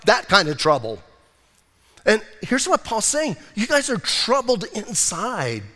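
High-voiced older male preacher in a reverberant hall. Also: wildly swooping pitch, unhurried, pushed and bright. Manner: conversational preaching, rhetorical asides. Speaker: pastor. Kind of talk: sermon.

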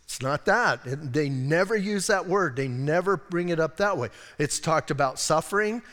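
Speaking at normal speed with an animated voice on the high side and a bit bright, this American man preaches a relaxed, chatty sermon laced with asides and rhetorical questions. Long reverb from the church sanctuary hangs on his words.

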